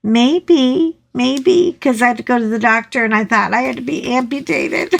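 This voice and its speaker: A woman vlogger in casual chat, rambling and chatty with animated asides. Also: on the high side, normal speed, creaky, a little hiss or hum.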